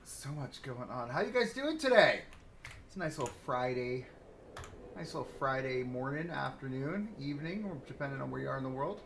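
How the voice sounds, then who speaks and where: A man's voice: medium pitch, expressive, moderate pace, creaky, a bit bright, a little hiss or hum. Laid-back man streaming, with a slight cough. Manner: laid-back, rambling, repeats phrases. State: coughing now and then. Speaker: livestreamer. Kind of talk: casual live-stream chat while building in a game.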